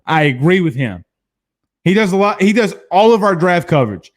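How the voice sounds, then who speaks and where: A man in his thirties from Louisiana hosting a casual sports stream, reading viewer comments and telling stories in a blunt, animated way. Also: high voice, normal speed. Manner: animated storyteller, hums drum beats, blunt. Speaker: sports show host.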